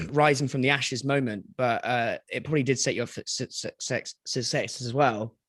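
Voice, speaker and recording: A man's voice: mid-range voice, normal speed, a bit bright, husky. A man hosting a business podcast, reflecting on and summing up his guest's story. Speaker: podcast host. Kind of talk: conversational interview.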